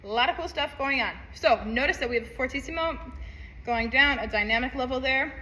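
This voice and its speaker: A woman's voice: high-pitched, fairly quick, bright, forceful tone, echoey room, poor audio. A woman teaching a saxophone part, upbeat, counting aloud and singing rhythms. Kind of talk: music lesson walkthrough.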